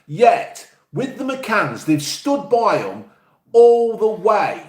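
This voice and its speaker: A man's voice: high-pitched, sing-song, slow, echoey room. A man from the East Midlands hosting a live stream, reading viewer comments in a blunt, jokey, sweary way. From England, East Midlands.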